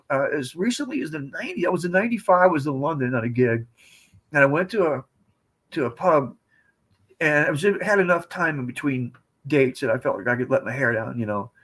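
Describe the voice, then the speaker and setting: Older man in his seventies, podcast guest, husky, slightly high voice, digressive storytelling. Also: animated, fairly quick, a bit bright. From United States. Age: 70s. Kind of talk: casual storytelling.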